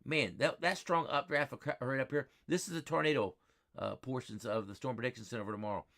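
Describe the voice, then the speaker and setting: Gravelly man rambling about storms. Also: mid-range voice, fast. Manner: excited, rambling, repeats himself. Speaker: weather stream host. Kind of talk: live weather commentary over radar maps.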